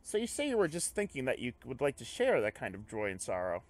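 A man hosting a let's play, reading a visual novel aloud and breaking off into excitable, swearing commentary. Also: mid-range voice, fast talker. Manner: excitable, swears, jumps between reading and reacting.

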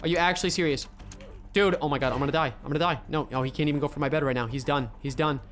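Excitable young gamer guy, high and bright. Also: racing. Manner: excitable, swings from mutters to shouts. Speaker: gaming YouTuber. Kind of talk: gameplay commentary.

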